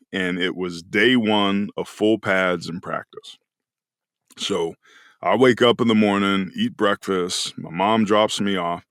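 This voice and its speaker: A man's voice: deep voice, fairly bright tone, no room sound, clean studio sound. A man in his forties from California, a podcast guest and former football player, telling a personal story in an earnest, reflective, emotional way. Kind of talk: casual storytelling conversation.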